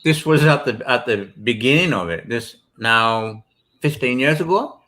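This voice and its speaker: A man's voice: mid-range voice, lively intonation, normal speed, sharp tone. A British man, an author and guest, telling rambling stories with many ums and restarts. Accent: British English. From Britain. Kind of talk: casual interview storytelling.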